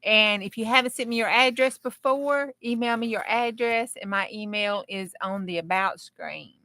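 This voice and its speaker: A woman, hosting a casual craft livestream and chatting excitedly with her viewers. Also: fairly high pitch, moderate pace, no room sound.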